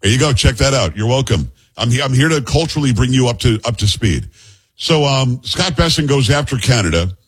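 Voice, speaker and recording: A middle-aged man hosts a talk podcast with a husky, slightly breathy voice set at an ordinary middle pitch. He talks casually, wanders into joking tangents and ribs his co-host between news items. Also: lively intonation, brisk. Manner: rambling, joking asides, teasing his co-host. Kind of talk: casual talk-show chat.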